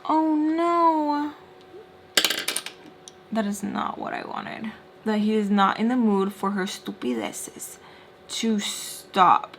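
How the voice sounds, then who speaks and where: A young woman in her twenties telling a story casually while doing her makeup, acting out quotes with lively pitch jumps and dropping to whispers. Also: takes it slowly, gravelly, a little hiss or hum. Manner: animated, acts out quotes with shifting pitch and whispers. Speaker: storytime vlogger.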